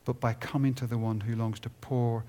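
A man preaching a sermon at a conference, building to loud emphatic peaks and dropping low and quiet at the ends of phrases. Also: level tone, normal speed. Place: conference hall.

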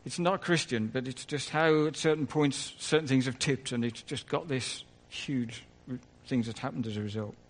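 A man's voice: mid-range voice, normal speed, few pauses. A man preaching a conversational sermon in church, full of asides and self-corrections.

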